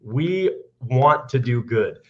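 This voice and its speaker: A man speaks earnestly and rousingly, urging listeners to join a movement for good. His voice sits at a middle pitch, and the sound is dull, like a clip taken from a recorded call. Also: lively intonation, takes it slowly. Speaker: company leader on a business call. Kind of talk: motivational business speech. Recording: dull archived call audio.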